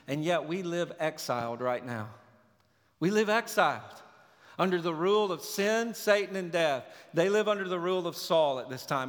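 Earnest preaching man in a reverberant hall. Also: fairly high pitch. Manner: earnest preaching, swinging from loud urgency to hushed tenderness. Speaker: pastor. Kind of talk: sermon.

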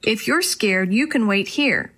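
A woman voicing a steady, practical young boy, matter-of-fact, in a storybook reading. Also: medium pitch, a little slow. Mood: calm.

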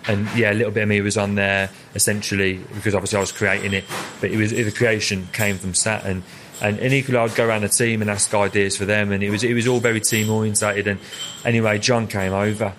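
Fast-talking low-voiced chef. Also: male voice, little pitch movement, fairly bright tone, slight background noise. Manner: rambling, repeats words while telling stories. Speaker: head chef, guest. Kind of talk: casual interview chat.

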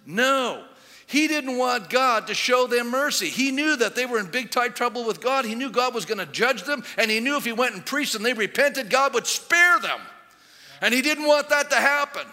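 High, bright-voiced man preaching in a reverberant hall. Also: animated, normal speed. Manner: conversational preaching with rhetorical questions. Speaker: pastor. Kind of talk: sermon.

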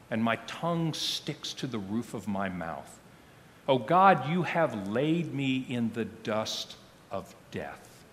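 Male pastor delivering a solemn sermon, slow and expressive, with long church reverb. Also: mid-range voice, a little hiss or hum. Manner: slow, solemn reading with falling, hushed phrase ends. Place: church sanctuary.

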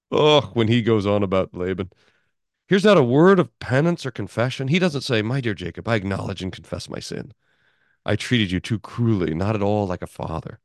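A male pastor teaching a Bible class in an animated way, often restarting his sentences and chuckling. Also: lowish voice, dry recording, studio quality. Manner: animated, chuckling, self-interrupting.

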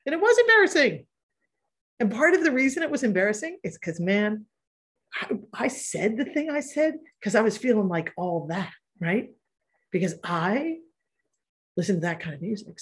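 A middle-aged woman speaks in a slightly husky voice at an ordinary middle pitch. She coaches in a candid, casual way, throwing in asides and the odd swear word. Her tone stays loose and conversational. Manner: candid, swears freely, laughs easily, quick asides. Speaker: productivity coach and podcast host. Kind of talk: casual live workshop talk.

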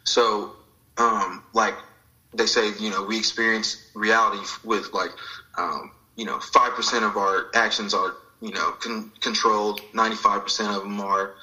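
Man, interview guest, lowish pitch, very bright tone, reflective, quotes others in voices. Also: little pitch movement, normal speed, rough recording. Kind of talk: personal storytelling.

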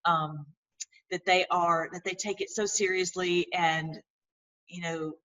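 A woman talking to her viewers in a casual, animated monologue, full of restarts and religious phrases. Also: fairly low pitch, slow pace, recorded from a distance, poor audio. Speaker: political commentary host.

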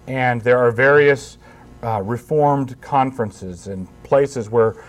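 A man's voice: medium pitch, takes it slowly, faint music behind. A man speaking as a pastor at a conference, conversational and emphatic, with wry humor and frequent restarts. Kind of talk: conference talk.

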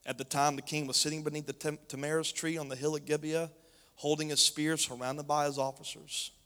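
A man's voice: a little high, level tone, fairly quick, a bit bright. A male preacher reading scripture and preaching emphatically, speaking straight to his congregation. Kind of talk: sermon. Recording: long hall reverb.

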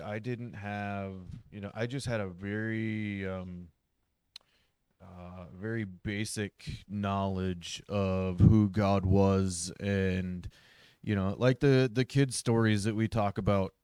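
Man, podcast co-host, slow, hesitant, dry close recording. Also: on the low side, fairly even intonation, darkish tone, clean tone, no room sound. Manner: hesitant, many fillers. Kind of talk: casual religious discussion.

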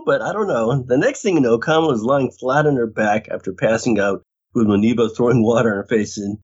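A man's voice: medium pitch, fairly quick, slightly rough. A man co-hosting a podcast, recapping a TV episode in casual chat and laughing often. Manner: reads recap, laughs often, mimics characters. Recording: dull lo-fi audio.

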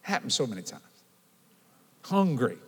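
A man's voice: mid-range voice, measured pace, husky. Older man preaching in a reverberant hall. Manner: animated storytelling, calls and responses with the congregation. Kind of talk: sermon.

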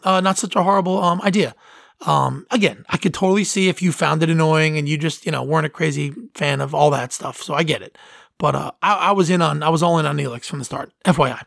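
A man's voice: a little high, vocal fry, a bit bright, no room sound, studio quality. A man hosting a podcast in casual chat, rambling and enthusiastic with lots of fillers and restarts. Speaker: podcast host.

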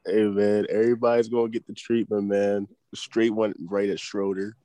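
A fairly low-pitched man chatting casually about basketball, slangy and quick to laugh. His voice is close and dry, with hardly any room sound. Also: flat delivery, warm tone, no room sound. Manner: laughs often, playful, slangy. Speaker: podcast co-host.

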